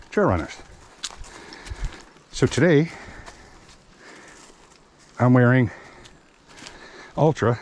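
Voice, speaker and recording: Guy vlogging on a forest trail, kinda winded, chatty, bit of outdoor noise around. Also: medium pitch. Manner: chatty, explains gear plainly. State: out of breath. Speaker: hiking vlogger. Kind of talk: casual vlog narration while hiking. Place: outdoors on a wooded park trail.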